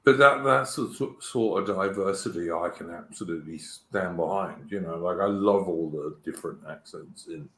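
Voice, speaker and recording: A man's voice: sits low, moderate pace, hardly any pauses, fairly bright tone, slight background noise. A man with a light Cockney accent hosting a casual chat, talking with enthusiasm and stumbling over restarts. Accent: light London Cockney. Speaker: host. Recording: roomy echo.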